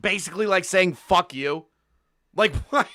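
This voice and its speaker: A man's voice: high-pitched, measured pace, pushed and bright, no room sound, studio quality. A man streaming live, reacting to a call with crude, mocking commentary and frequent laughter. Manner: profane, mocking, laughs often.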